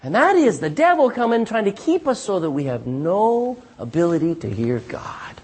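A pastor preaching a sermon, reading scripture aloud and calling for amens from the congregation, with dramatic swings between loud and hushed delivery. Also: male voice, sits high, sing-song, moderate pace, breathy edge. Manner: asks the congregation for "Amen?" responses; reads scripture in King James wording.

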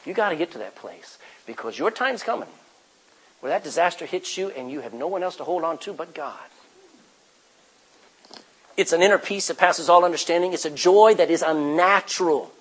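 Male pastor, husky and slightly high, emphatic sermon delivery that drops from loud to near-hushed. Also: expressive, normal speed, long pauses, low-quality recording.

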